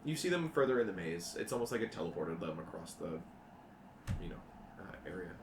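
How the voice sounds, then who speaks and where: A man's voice: low-pitched, sing-song, brisk, noisy background. Rambling man running a tabletop game. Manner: rambling, laughing, profane asides. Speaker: game master. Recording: echoey room, mic at a distance.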